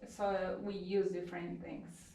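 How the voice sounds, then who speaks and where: A woman's voice: fairly low pitch, little pitch movement, normal speed, mellow, slight background noise. A woman social worker giving brief, plain answers with some hesitation. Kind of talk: interview answers. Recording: echoey room from a distance.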